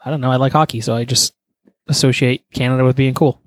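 A man's voice: mid-range voice, fairly even intonation, fast, no room sound. A man co-hosting a podcast, teasing playfully in crude casual banter and laughing often. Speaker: podcast co-host.

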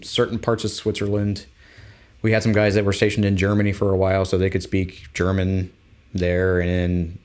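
Man, young adult, casual storyteller, low voice, jumps up high for quoted voices. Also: darkish tone.

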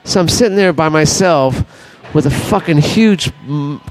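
Older man, podcast guest, rambling anecdote, swears freely, slightly high voice. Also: a little slow, a little hiss or hum. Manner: rambling, profane, animated anecdote teller. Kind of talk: casual storytelling.

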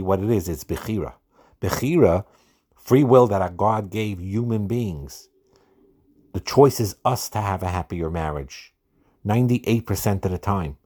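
Low-pitched male podcast host, earnest and unscripted, repeats as he goes. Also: darkish tone. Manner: earnest, repeats words when starting a thought. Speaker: podcast host giving marriage advice. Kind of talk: solo podcast talk.

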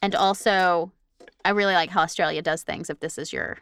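A woman's voice: lowish voice, a little fast, clear, resonant tone, no echo. A woman co-hosting a podcast, reading a listener's ghost story aloud with expression and laughing along. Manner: animated, laughing, reads with expression. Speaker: podcast co-host. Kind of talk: reading listener stories, casual banter.

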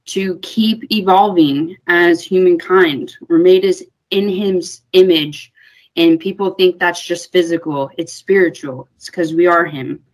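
A woman's voice: lowish voice, steady tone, unhurried, rough recording. A young woman, a guest on a radio interview, speaking sincerely and emotionally about her faith. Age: young adult. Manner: sincere, emotional, laughs when choked up. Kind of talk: conversational interview.

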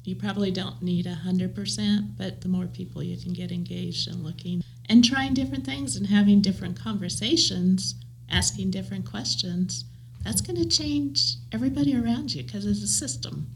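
A woman's voice: medium pitch, moderate pace, vocal fry, a little hiss or hum, low-quality recording. A woman with an American Midwestern accent, answering interview questions in a reflective, earnest way. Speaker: guest, leadership trainer.

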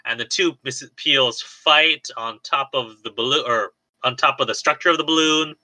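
A man with a very bright, forward voice recaps a movie in casual podcast chat. He wanders through the plot, leaning on "like" and small restarts. The sound is dry and close. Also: mid-range voice, normal speed, dry recording, poor audio. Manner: rambling recap with fillers like "like". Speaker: podcast co-host.

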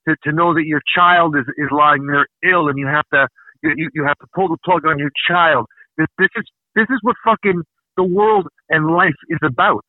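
A man with a slightly higher-pitched voice rants on a podcast, swearing hard and hammering his points through repeated words. The sound is thin and tinny like a phone line, bone-dry with no room. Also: no room sound. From Canada. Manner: angry, profane, emphatic ranting with repeated words. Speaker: podcast host. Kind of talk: casual podcast rant.

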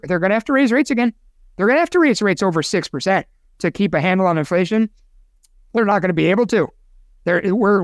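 A man with a high, smooth voice holds forth on a casual podcast, rambling and opinionated, often getting himself worked up. The sound is dry and close, with no room echo. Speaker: co-host.

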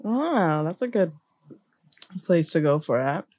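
Young woman from boston, podcast co-host, unhurried slangy talk, dry close sound. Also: fairly low pitch, very animated, darkish tone, slightly rough, dry recording. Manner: laid-back, laughs often, slangy. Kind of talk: casual chat.

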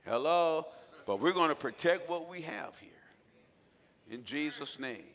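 A man preaching a sermon as pastor, shifting from quiet asides to shouted exhortation and acting out quotes with repeated filler sounds. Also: on the high side, animated, a little slow. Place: church sanctuary. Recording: long hall reverb from a large church.

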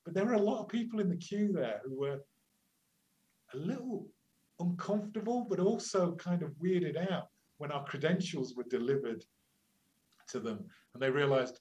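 An older British man, a climate scientist, telling lively stories in an interview with many restarts. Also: on the high side, low-quality recording. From England. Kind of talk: storytelling interview answers.

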